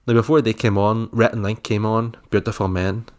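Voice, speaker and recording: A man's voice: on the low side, flat delivery, fairly quick. A man, co-hosting a podcast in casual chat, joking and laughing as he tells stories. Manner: jokey storyteller, laughs often. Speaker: podcast co-host.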